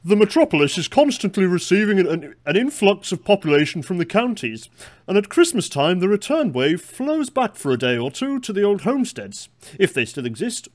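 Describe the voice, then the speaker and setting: Brief: stately Victorian railway boss declaiming a formal statement, put on by a man, raised pitch.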